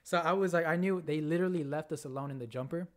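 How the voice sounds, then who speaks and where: A young man co-hosting a casual podcast, telling a party story in an animated way, swearing a lot and acting out what people said. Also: a little high, fast talker. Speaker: podcast co-host.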